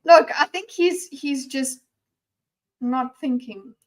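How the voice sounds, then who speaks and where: A woman giving casual reaction commentary on a discussion video, chatty and animated, often stammering and restarting, sometimes dropping to a near-whisper. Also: high voice, takes it slowly.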